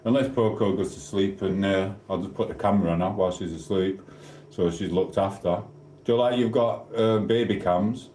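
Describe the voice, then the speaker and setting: Slight background noise sits under the low-pitched, mellow voice of this livestreamer from South Yorkshire, England, who talks at a moderate pace. In an echoey room, he chats and rambles casually, joshing cheekily with viewers' comments.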